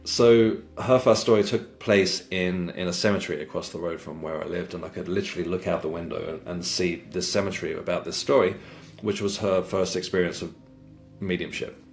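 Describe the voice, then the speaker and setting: A man's voice: low voice, steady tone, fairly quick, soft background music. A man recounting a personal spiritual experience in a conversational, earnest way, often repeating words and restarting sentences. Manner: earnest, reflective. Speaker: guest sharing a spiritual experience.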